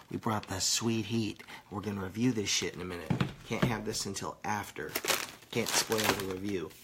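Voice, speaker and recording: A man's voice: fairly low pitch, vocal fry, fairly bright tone, a little hiss or hum. Rambling, profane stoned man vlogging. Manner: rambling, profane, rowdy banter with viewers. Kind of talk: casual live vlog.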